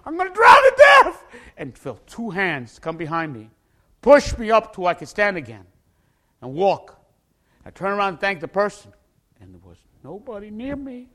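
A man telling a dramatic personal story, acting out the people in it and bursting into shouts at the tense moments. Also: sits high, very animated, normal speed. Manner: acts out the people in his story. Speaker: storyteller giving a personal testimony.

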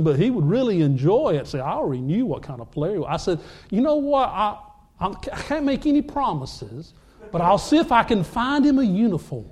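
A man preaching a sermon, telling a story with lively acted-out dialogue. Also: high voice, normal speed, breathy edge. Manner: animated storyteller, acts out dialogue. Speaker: pastor.

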